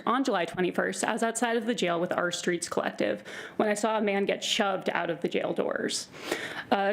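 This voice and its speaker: A woman giving a nervous, halting, earnest public comment at a board meeting. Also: mid-range voice.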